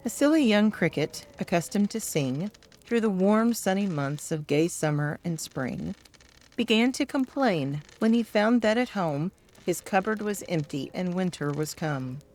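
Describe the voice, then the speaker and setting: An older woman gently reading children's poems aloud at bedtime, soft-spoken and calm. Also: on the low side, measured pace. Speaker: storyteller.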